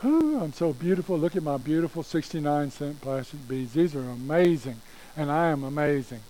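A man's voice: fairly high pitch, expressive, normal speed, warm tone, a little hiss or hum, natural voice, poor audio. A man voicing a whiny, vain little girl who pleads and repeats herself. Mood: self-admiring.

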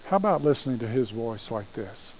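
A man preaching a sermon in an earnest way and closing in soft prayer. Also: medium pitch, sing-song, brisk, a little hiss or hum, rough recording. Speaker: pastor.

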